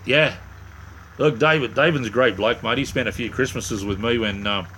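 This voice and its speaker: A man's voice: mid-range voice, normal speed, pushed and bright, slight background noise. A middle-aged Australian man hosting a casual live stream, rambling and joking as he chats with viewers. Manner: rambling, chatty, jokey, with many restarts. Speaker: livestream host. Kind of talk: casual live chat reading viewer comments.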